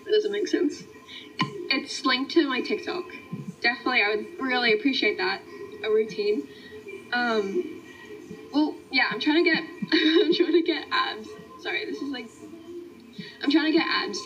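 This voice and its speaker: A woman's voice: a little high, fairly bright tone. A young Australian woman chatting casually on a livestream, answering viewer comments in a friendly way. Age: young adult. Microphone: phone. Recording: dull lo-fi phone stream, faint music.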